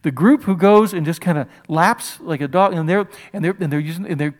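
A man preaching a sermon, retelling a Bible story in an animated, conversational way and putting questions to his listeners. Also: fairly high pitch, a little fast. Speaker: pastor.

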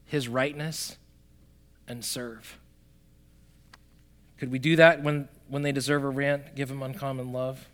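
A man preaching a sermon, talking straight to the congregation, swinging from loud emphatic bursts to quiet, soft lines. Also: medium pitch. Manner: conversational, addresses the congregation directly. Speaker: pastor.

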